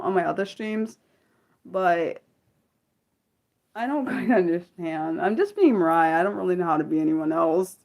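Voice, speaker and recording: A woman's voice: lowish voice, darkish tone. Woman chatting rambly on a livestream. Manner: rambling, thinks aloud, many restarts and fillers; talks directly to viewers and asks them questions. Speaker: livestream host answering viewer chat. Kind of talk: casual unscripted livestream chat.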